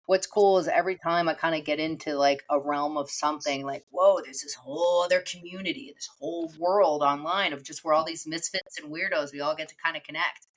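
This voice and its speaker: A woman's voice: low voice, a little fast, hardly any pauses. A woman with a mixed East Coast American accent, chatting casually as a podcast co-host and rambling with frequent laughs. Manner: rambling, animated, laughs often. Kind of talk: casual chat.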